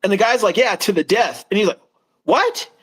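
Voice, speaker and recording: A man's voice: sits high, fast talker, fairly bright tone, slightly rough. A man co-hosting a casual chat show who tells long, rambling stories and acts out the people in them. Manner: rambling storyteller, acts out quoted voices. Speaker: co-host.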